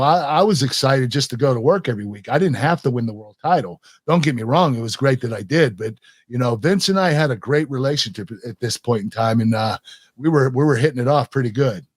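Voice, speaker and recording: A man's voice: medium pitch, no room sound, clean studio sound. A man in his fifties with an American accent, a guest telling stories in a casual interview, laughing often and acting out quoted lines. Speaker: guest, retired pro wrestler.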